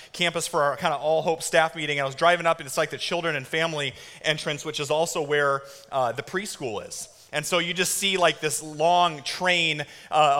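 A man in his thirties preaching a sermon to a congregation, telling stories with lively energy and shouted impressions. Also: a little high. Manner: animated storytelling with shouted kid impressions. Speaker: pastor. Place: church auditorium. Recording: long reverb of a large hall.

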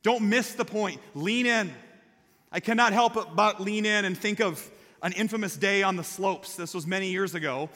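A man delivers a sermon with animated storytelling and a high, bright voice. He swings from lively, loud peaks to quiet, earnest passages. His words ring out in a large church hall with a long reverb. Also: moderate pace. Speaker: pastor.

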